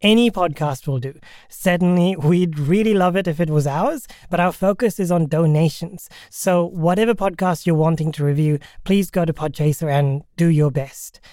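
A man running a tabletop role-playing game podcast as game master, narrating in a relaxed, chatty way. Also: fairly high pitch, moderate pace, no room sound, clean studio sound.

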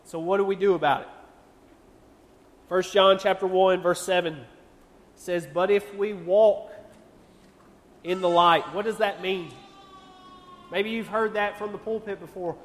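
A man's voice: high voice, fairly even intonation, a little slow, long pauses. A young man preaching to a youth group in a church, earnest and conversational, firing off rhetorical questions. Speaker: youth pastor. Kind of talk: sermon. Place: church hall. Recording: long church-hall reverb.

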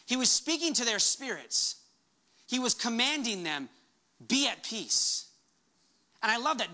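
A man's voice: extremely high pitch, big pitch swings, normal speed, pushed and bright. A pastor preaching a sermon to his congregation, impassioned, raising his voice when he quotes commands. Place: church hall before a congregation.

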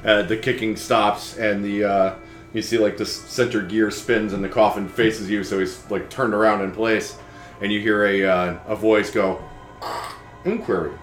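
A man's voice: lowish voice, little pitch movement, moderate pace, faint music behind. A man narrating as game master for a tabletop game, hesitating with fillers and laughing often. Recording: echoey room with faint ambience.

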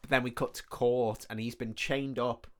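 A man on a film podcast talks through a plot at an ordinary mid pitch. He tells it loosely and with energy. He swears freely and drops "like" into almost every sentence. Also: normal speed. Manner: animated retelling, heavy swearing, many "like" fillers. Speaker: podcast co-host. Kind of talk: casual film recap chat.

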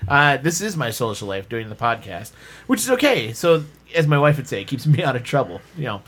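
Male podcast host, mid-pitched, self-deprecating storyteller who restarts sentences often. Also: sing-song, brisk, fairly bright tone, slightly rough. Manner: rambling storytelling with frequent restarts. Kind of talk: casual podcast chat.

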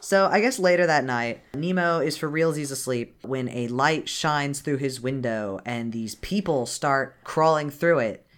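A woman's voice: a bass voice, unhurried, hardly any pauses. A woman co-hosting a podcast, casually retelling a movie plot with laughs and swearing. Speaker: podcast co-host. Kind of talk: casual chat recapping a movie.

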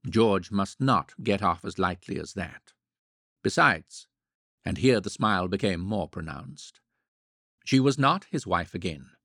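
A man narrating an audiobook in a measured, expressive storytelling way. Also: low voice, breathy edge, no echo, studio quality. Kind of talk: scripted narration.

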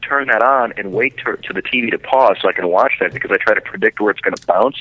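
A man's voice: fairly low pitch, quick pace, breathy edge, no echo, phone-quality sound. A man calling in to a radio chat as a film director, joking and self-mocking.

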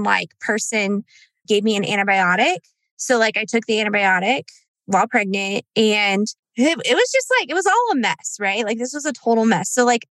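A woman's voice: mid-range voice, a bit bright, no echo. A woman in her thirties telling a painful personal story on a podcast, in a chatty way full of fillers and acted-out quotes. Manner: chatty, many "like" fillers, acts out quoted speech. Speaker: podcast guest. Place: outdoors in a cemetery.

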